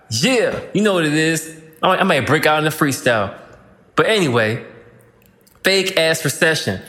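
A man's voice: a little high, lively intonation, a little slow, a bit bright, long reverb tail. A man hosting a podcast, talking alone in a loose, rambling, slangy way that sometimes breaks into playful rhymes. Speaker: podcast host. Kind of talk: casual monologue.

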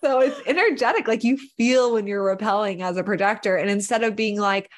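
A woman's voice: medium pitch, normal speed. Earnest chatty woman, lots of "like". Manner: flowing, earnest, quotes imagined speech, many "like" fillers. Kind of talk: casual podcast conversation.

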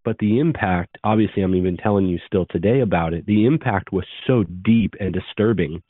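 A man in his thirties recounts his past in an earnest, brisk storytelling manner. His voice sits very low. The sound is dry and narrow, like it came down a phone line. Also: slightly rough, dry recording. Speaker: podcast guest. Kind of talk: storytelling interview.

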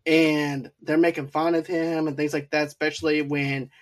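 A man's voice: fairly high pitch, little pitch movement, moderate pace. A man co-hosting a podcast, rambling through a movie's scenes and acting out lines of dialogue. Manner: rambling, acts out quotes from scenes. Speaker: podcast co-host. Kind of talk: casual movie discussion.

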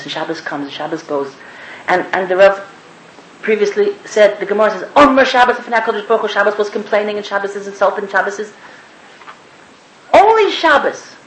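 A woman's voice: mid-range voice, a bit bright, a little hiss or hum. A woman giving a spoken sermon, emphatic and repetitive, asking the listeners rhetorical questions. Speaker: speaker giving a religious talk. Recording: echoey room.

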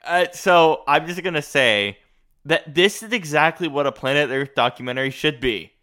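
A man's voice: a little high, expressive, moderate pace, pushed and bright. A young man co-hosting a casual podcast, talking emphatically and with strong opinions. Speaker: podcast co-host. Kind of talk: casual chat.

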